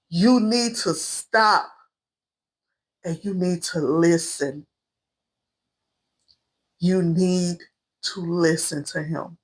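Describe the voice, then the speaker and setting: A woman's voice: medium pitch, a bit bright. A young woman vlogger giving an emotional, earnest spiritual message straight to her viewers, calling them y'all. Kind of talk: heartfelt spiritual vlog monologue.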